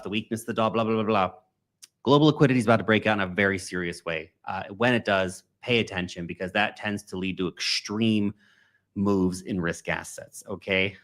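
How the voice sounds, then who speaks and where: A man hosting a crypto livestream, talking in a casual, slangy, energetic way and greeting viewers. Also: fairly low pitch. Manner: energetic, slangy, chatty, swings loud and soft. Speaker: crypto YouTube host.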